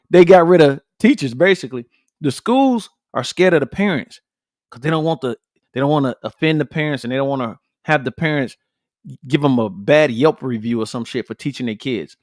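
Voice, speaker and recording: A man hosting a podcast, chatting casually with his viewers in a blunt, profane, animated way and repeating his points for emphasis. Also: on the high side, dry recording, clean studio sound. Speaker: podcast host. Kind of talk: casual livestream chat with viewers.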